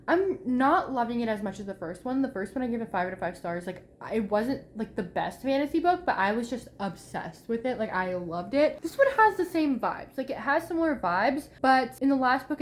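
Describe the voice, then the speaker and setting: Young woman, book vlogger, gushing rambling chat, slightly high voice, faint background noise. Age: young adult. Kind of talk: casual reading vlog chat. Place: home room, bad sound.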